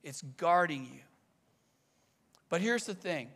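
A man preaching a sermon, earnest and conversational, asking rhetorical questions and slowing down to lean on key phrases. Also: a little high, animated, a bit bright. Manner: slows and leans on key phrases. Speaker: pastor.

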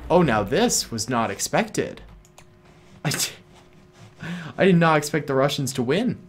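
A man giving casual gameplay commentary, chatty and excitable, laughing often. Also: fairly high pitch, measured pace, pauses often, breathy edge. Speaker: gaming YouTuber.

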